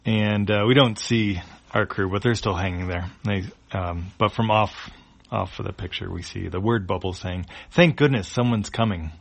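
A man's voice: deep voice, fairly even intonation, moderate pace, vocal fry. A man casually reading a comic aloud, describing each panel with frequent fillers and restarts. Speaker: comic reader.

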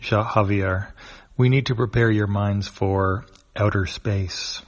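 A man's voice: on the low side, steady tone, slow, lo-fi sound. A man reading as a sly alien leader. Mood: sly calm.

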